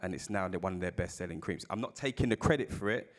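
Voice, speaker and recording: A man with a South London accent talks on a live festival panel, his voice sitting a little low. He tells candid stories about work, loose and conversational, and drops the odd swear word. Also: fast talker. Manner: candid storytelling with casual swearing. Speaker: panel speaker.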